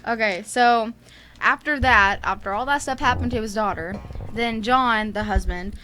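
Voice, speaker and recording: A woman's voice: fairly high pitch, moderate pace, sharp tone, faint music behind. A woman with a Southern US accent casually retelling a ghost story on a podcast, rambling with many fillers and frequent laughs. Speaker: podcast co-host.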